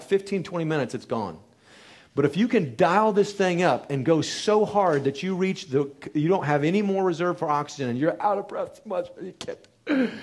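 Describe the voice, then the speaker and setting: A man, a doctor hosting a wellness seminar, giving a lively motivational talk to a live audience and asking them lots of rhetorical questions. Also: a little high. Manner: energetic, pep-talk style with rhetorical questions.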